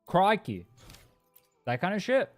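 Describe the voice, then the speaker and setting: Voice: medium pitch, sing-song, brisk. Young streamer from california gaming live, swears a lot, voice bouncing all over, faint music behind. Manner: chatty, swears freely, talks to chat. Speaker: game streamer. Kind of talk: casual live-stream chat while gaming.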